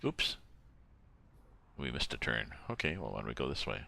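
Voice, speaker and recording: A very low, gravelly older man from Canada talks casually while he plays a driving game on stream. He rambles and thinks out loud in an easygoing way, and his voice has a bright, forward edge. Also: big pitch swings, moderate pace, a little hiss or hum. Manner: rambling, chatty, thinking aloud. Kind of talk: casual chat while playing.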